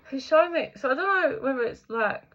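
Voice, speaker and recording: A woman's voice: high voice, expressive, normal speed, fairly bright tone, highs cut off. A young woman giving a casual, chatty spiritual reading, full of fillers, the odd swear word and frequent laughter. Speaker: intuitive reader.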